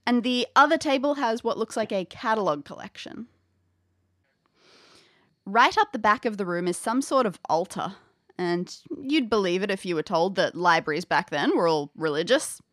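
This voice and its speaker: A woman's voice: medium pitch, expressive, moderate pace, a bit bright, no room sound, studio quality. A woman narrating an audio adventure game as game master, describing scenes playfully with chatty asides.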